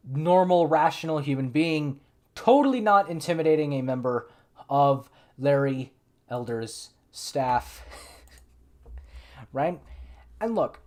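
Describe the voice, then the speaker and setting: A man's voice: fairly high pitch, a little mellow. Male stream host, political commentary; sarcastic, exasperated, loose and unscripted with frequent restarts. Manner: thinks aloud with frequent restarts.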